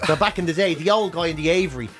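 High-voiced Irish host telling stories. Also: male voice, rapid-fire, faint music behind. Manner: animated storytelling, slips into voices. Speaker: radio host and comedian. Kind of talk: casual chat.

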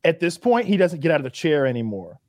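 A man's voice: fairly high pitch, big pitch swings, fast, darkish tone, no room sound. A man hosting a podcast, chatting casually and rambling through stories with plenty of swearing and restarts. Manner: rambling, profane storytelling with many restarts. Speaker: podcast host. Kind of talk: casual chat.

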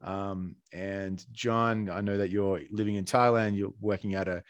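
A man's voice: deep voice, steady tone, normal speed, dry recording. Australian man hosting a podcast, dry sound. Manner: chatty, with fillers and restarts. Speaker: podcast host. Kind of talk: casual podcast interview. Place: Colombia.

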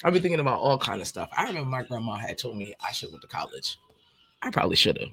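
A man's voice: mid-range voice, fast, creaky, slight background noise. A man, hosting his podcast in a casual monologue. He rambles, jokes and laughs as he talks. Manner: laughing, joking, rambling, lively. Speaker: podcast host.

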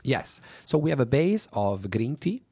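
A man's voice: mid-range voice, very animated, measured pace, mellow, slightly rough, dry recording, clean studio sound. A man with an Italian accent answering interview questions about his drink company, hesitant and full of fillers and restarts. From Italy.

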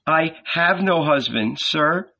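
A man's voice: fairly high pitch, lively intonation, takes it slowly, gravelly, bright, forceful tone, lo-fi sound, pitched above the performer's own voice, full character voice. A man reading an audiobook, voicing an eager, troubled village woman in a raised voice. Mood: earnest.

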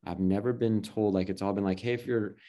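A man's voice: lowish voice, fairly even intonation, brisk, dark tone. A man in his thirties telling a personal story in casual chat, rambling with restarts and acted-out quotes. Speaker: guest adoptive father.

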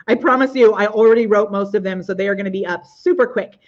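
A woman's voice: medium pitch, quick pace, a little mellow, lo-fi sound. A woman hosting a casual live video show from her living room, bubbly and exclamatory, gushing over her viewers. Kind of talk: casual live-stream chat.

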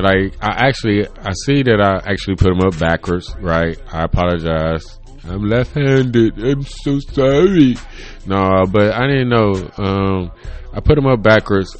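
A man in his thirties records a solo podcast in his bedroom, rambling in a loose, profane way. He laughs a lot and veers between low mumbles and loud, excited storytelling.

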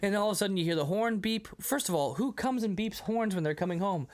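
A man's voice: sits high, lively intonation, fast. A man co-hosting a casual movie podcast, acting out scenes in voices and laughing often. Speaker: podcast co-host.

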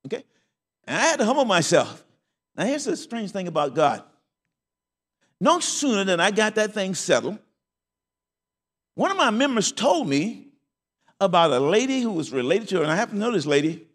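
A man's voice: sits high, big pitch swings, normal speed, pauses often, a bit bright, in a large hall. An older man preaching a sermon as pastor, telling stories. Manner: folksy storytelling with laughs.

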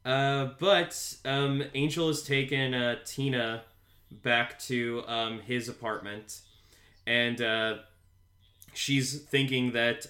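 A man co-hosting a casual podcast, walking through an episode's plot in a loose, rambling way. His voice is bright and forceful, at an ordinary pitch, and he stops often for fillers and restarts. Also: fairly even intonation, slow. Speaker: podcast co-host. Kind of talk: casual show recap chat. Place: home, a pet cat nearby.

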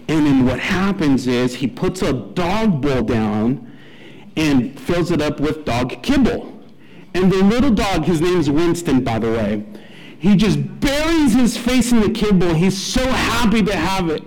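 A man in his thirties, a pastor, opening with prayer and then animatedly telling a story in a sermon, with poor audio quality. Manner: animated, acts out a dog's delight. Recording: low-quality radio-like audio.

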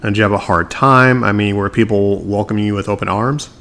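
A male podcast host asks his guest questions in a plain, conversational way. His voice sits a little lower than most men's. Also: fairly even intonation, brisk, a bit bright. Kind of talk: interview questions.

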